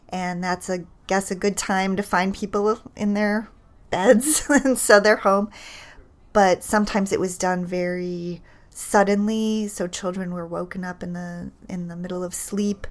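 A woman who is a child psychologist, explaining research findings in a thoughtful, measured way, with fillers and restarts. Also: on the low side.

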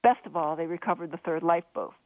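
A woman author reading her own novel aloud in a steady storytelling manner. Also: on the low side, quick pace, dry recording. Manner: steady storytelling, lively voices for dialogue. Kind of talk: audiobook narration. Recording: dry, phone-like narrow sound.

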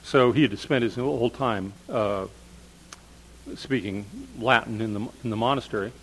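A man's voice: medium pitch, normal speed, slightly rough, poor audio. An older man, a professor of English literature, giving a discursive storytelling lecture with frequent fillers.

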